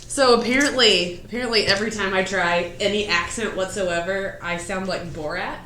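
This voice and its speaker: A woman's voice: mid-range voice, moderate pace, sharp tone, a little hiss or hum. A woman co-hosting a podcast in a studio, chatty and rambling, swearing casually. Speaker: podcast co-host. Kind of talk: casual chat. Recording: roomy studio sound.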